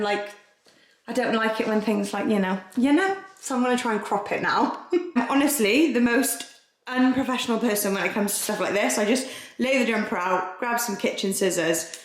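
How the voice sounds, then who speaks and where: A woman's voice: fairly high pitch, normal speed. A young pregnant woman chatting casually to camera as she walks round her house, bubbly and giggly, now and then short of breath. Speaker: vlogger. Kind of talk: casual vlog chat. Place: home, walking between rooms. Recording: echoey house rooms.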